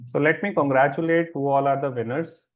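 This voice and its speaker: A man with a fairly high, steady voice speaks briskly over phone-quality audio. He's hosting a live wellness webinar, answering chat questions, reassuring listeners and repeatedly checking that they're following along.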